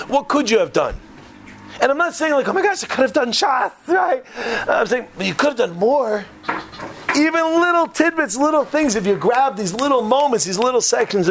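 Guy giving a torah class, slightly high voice, lively and joking, asks the room questions. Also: slight background noise. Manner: animated, jokey, asks the audience questions. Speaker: rabbi teaching a class.

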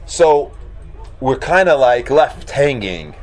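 Animated man teaching a Talmud class. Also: mid-range voice, slow pace. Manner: animated, acts out voices in the debate, bursts into shouts. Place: classroom with students.

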